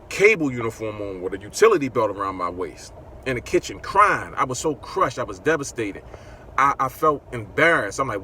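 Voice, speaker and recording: A middle-aged man telling his own story casually to viewers. He acts out the quoted dialogue with a rising, animated voice. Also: medium pitch, a little hiss or hum.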